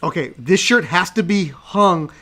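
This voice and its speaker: A man's voice: sits high, lively intonation, unhurried, pushed and bright. A man hosting a podcast in casual chat, teasing his guest and repeating his commands. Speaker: podcast host.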